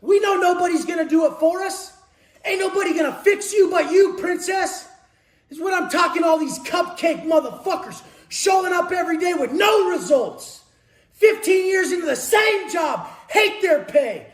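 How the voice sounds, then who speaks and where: A man giving a profane, aggressive motivational rant, taunting his listeners and often shouting. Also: very high-pitched, animated, moderate pace. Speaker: motivational speaker. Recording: echoey room.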